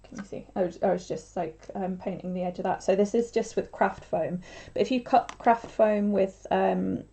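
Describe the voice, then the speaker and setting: A woman's voice: medium pitch, fairly even intonation, normal speed, dark tone. A young woman chatting casually on a craft livestream, rambling with lots of filler words.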